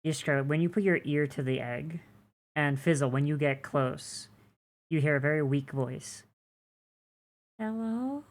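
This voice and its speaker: Low-voiced woman narrating as game master. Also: fairly even intonation, normal speed. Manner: rambling, filler-heavy, descriptive.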